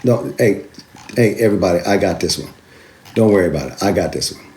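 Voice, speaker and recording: A man's voice: low-pitched, lively intonation, fast, a little mellow. Emphatic man rebutting a commenter. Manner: emphatic, repetitive, taunting; addresses a commenter directly. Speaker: crypto video host. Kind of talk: animated direct-to-camera rebuttal.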